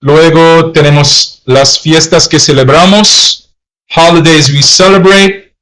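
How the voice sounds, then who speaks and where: A man acting as a language teacher, slowly and deliberately laying out a lesson plan and correcting himself along the way. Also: fairly high pitch, steady tone, fairly bright tone, low-quality recording. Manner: slow, deliberate, self-correcting. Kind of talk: lesson overview.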